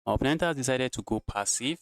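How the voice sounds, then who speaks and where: A fast-talking chess streamer commentates his live games, speaking to his chat and repeating phrases, with a tired edge. His medium-pitched voice is expressive, and the recording is dry.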